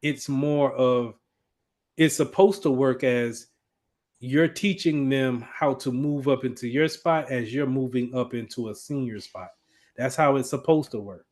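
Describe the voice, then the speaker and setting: A man's voice: mid-range voice, a little slow, darkish tone. A man teaching an IT class in a casual, conversational lecture, with frequent fillers and restarts as he explains. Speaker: IT instructor.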